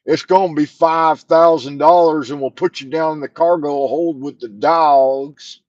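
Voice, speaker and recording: A man voicing a smug airline ticket seller who taunts a customer, in a raised, drawn-out voice. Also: a little high, fairly even intonation, a little mellow, no room sound, dull audio, voice pushed up, natural voice. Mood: mocking.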